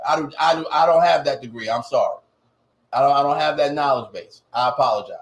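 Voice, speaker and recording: A man's voice: mid-range voice, quick pace, reverberant. A man co-hosting a podcast, talking bluntly and with a lot of profanity in casual chat. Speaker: podcast co-host.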